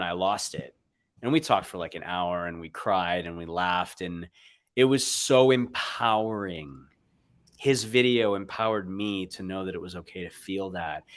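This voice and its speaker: A man speaking earnestly in a heartfelt motivational chat on a video call, swinging between loud bursts and hushed moments. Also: lowish voice. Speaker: guest speaker.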